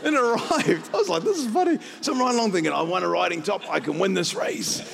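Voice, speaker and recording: A middle-aged male pastor, telling a story in a sermon, laughing often and building to shouts. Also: high-pitched, animated, quick pace, gravelly, in a large hall.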